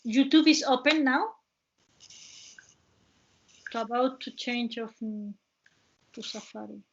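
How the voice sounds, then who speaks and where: A woman from southern Spain with an Andalusian Spanish accent, a Spanish speaker presenting in halting English with many restarts and fillers, hosting a webinar over a video call. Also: a little high, dull audio. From Cádiz province, Spain. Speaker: webinar host and travel guide.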